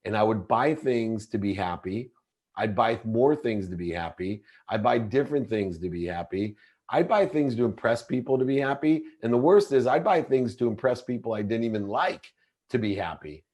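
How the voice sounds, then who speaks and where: A middle-aged man speaks as a podcast guest, his voice sitting a little low. He tells a personal story in a confessional, intense way. He often breaks off and restarts his sentences as he goes. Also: expressive, normal speed, darkish tone.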